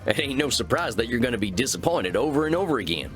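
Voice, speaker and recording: A folksy Southern cowboy vampire therapist. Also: male voice, mid-range voice, big pitch swings, fast talker, a bit bright, faint music behind. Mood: easygoing. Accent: Southern American. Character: laid-back cowboy vampire therapist man. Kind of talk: video game voice acting.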